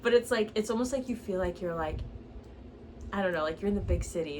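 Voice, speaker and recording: A woman's voice: medium pitch, brisk, a little mellow, rough recording. A woman giving a casual tarot reading, chatty and loose, often saying "like" and "okay?", with the odd curse and laugh. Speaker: tarot reader. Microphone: phone. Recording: phone recording with clear background noise.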